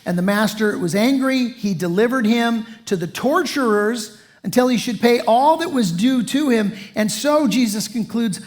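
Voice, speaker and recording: A man's voice: high-pitched, animated, normal speed. A male pastor preaching a sermon in a folksy, conversational way, often saying "you know".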